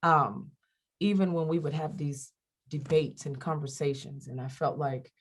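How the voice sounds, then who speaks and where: Here the candid faith interview features a middle-aged woman, a comedian and radio host, voicing each person she quotes as she tells lively stories. She sits low, sounds husky, and goes a little slow.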